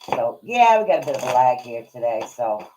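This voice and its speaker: A woman hosting a live card-reading stream, chatting casually and excitably in rambling asides. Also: very deep voice, fairly quick, noisy background. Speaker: podcast host and card reader.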